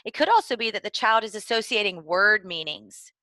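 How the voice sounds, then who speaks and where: A woman giving clear, deliberately enunciated instructional narration for preschool teachers. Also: medium pitch, expressive, bright, forceful tone, dry recording. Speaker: early literacy trainer.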